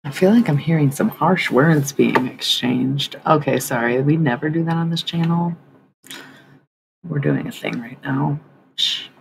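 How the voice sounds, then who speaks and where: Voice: mid-range voice, a little slow, gravelly, a little hiss or hum, low-quality recording. A livestreamer talking casually and swearing a lot, rambling with many fillers while claiming to channel spirits. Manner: rambling, profane, lots of fillers.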